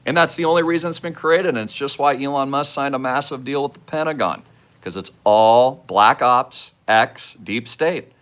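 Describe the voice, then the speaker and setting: A man holds forth as the host of his own channel, talking straight at his audience in an urgent, conspiratorial tone. His pitch sits in an ordinary middle range but leaps sharply upward when he gets worked up, then sinks back to low, muttered asides. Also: moderate pace, a bit bright. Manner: emphatic, swings from low mutters to high outbursts; conspiratorial, addresses viewers directly. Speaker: show host. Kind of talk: monologue to camera.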